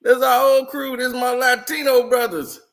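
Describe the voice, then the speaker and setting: A man's voice: extremely high pitch, little pitch movement, moderate pace, gravelly, fairly bright tone. A man giving casual, chatty commentary over old photos, laughing often and telling stories in loose slang. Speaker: vlogger.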